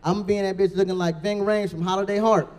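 A woman with a deep voice doing a brash, profane stand-up comedy set. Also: fairly even intonation, fast, darkish tone.

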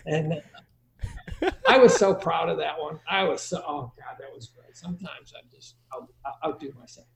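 Crude joking middle-aged man, gravelly. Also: a little high, animated, normal speed, slight background noise. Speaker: guest giving parenting advice. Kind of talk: casual conversation.

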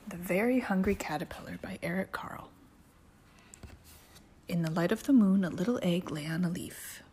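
A woman reading picture books aloud to a toddler in a playful, sing-song way, sometimes dropping to a hush. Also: on the low side, moderate pace, a little hiss or hum. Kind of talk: animated picture-book read-aloud.

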